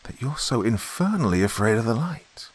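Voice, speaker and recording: A man voicing a rattled, snappish sailor who fires off sharp, exasperated questions. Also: mid-range voice, very animated, moderate pace, slightly rough, voice pushed up.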